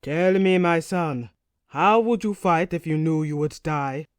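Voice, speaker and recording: A woman voicing a gruff male Swedish oarsman with a Swedish accent, barking orders and chanting war verse in an audiobook. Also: deep voice, a little slow, dry recording, studio quality. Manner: barked commands, chanting verse.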